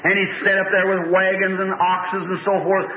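A high-pitched man preaches a fervent revival sermon, telling a story and swelling into loud cries. The recording sounds like a thin, phone-like old tape. It carries a roomy church echo. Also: level tone, normal speed, a little hiss or hum.

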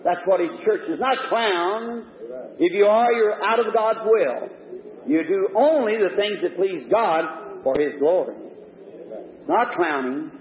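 A man preaching an impassioned sermon, moving between loud exhortation and low, hushed points. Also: slow pace, a crowd in the background. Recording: tinny, echoey old hall recording.

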